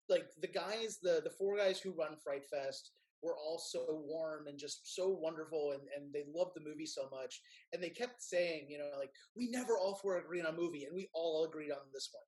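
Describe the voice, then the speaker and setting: Man, Kentucky accent, interview guest, animated storyteller, casual chat. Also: a little high. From Kentucky, USA. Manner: animated storyteller, acts out quotes in raised voices. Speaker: filmmaker guest.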